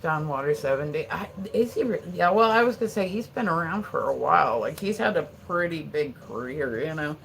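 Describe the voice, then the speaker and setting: Gravelly yet fairly bright, this mid-range voice moves briskly and animatedly with few pauses, over a slight hiss or hum. It belongs to a Pennsylvania streamer in their forties rambling casually at home, leaning on "like," laughing a lot, and swearing without a second thought.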